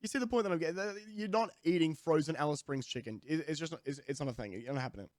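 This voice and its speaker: A young Australian man ranting comically to camera as a streamer, rambling with restarts and sudden jumps in pitch. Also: rapid-fire, darkish tone, no echo, clean studio sound. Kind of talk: comedic rant to camera.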